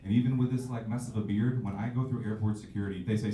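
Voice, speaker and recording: A fast-talking stand-up in his 20s barely pauses, his fairly low voice holding a steady tone over crowd noise. He's loose and self-mocking, darting into acted-out voices, and the comedy club recording sounds distant and echoey.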